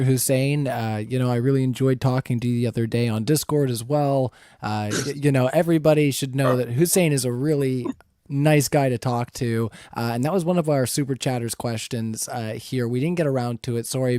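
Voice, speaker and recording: A man moderating a streamed debate with a mellow voice and a dry, close sound. He is friendly and upbeat, reading questions and keeping time. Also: mid-range voice, no echo. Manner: friendly, upbeat, keeps things moving.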